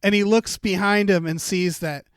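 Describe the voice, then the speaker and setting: A man's voice: sits high, steady tone, normal speed, dry recording, studio quality. A man co-hosting a podcast, improvising a comic story with lots of fillers and hesitations. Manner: rambling, hesitant, filler-heavy narration. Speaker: podcast co-host. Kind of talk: improvised comedic storytelling game.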